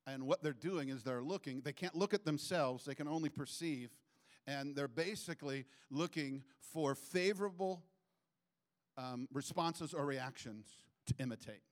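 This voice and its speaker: A man preaching a sermon in church, animated and acting out little quoted voices as he goes. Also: normal speed. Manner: animated, acts out quotes with sudden pitch jumps. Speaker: pastor.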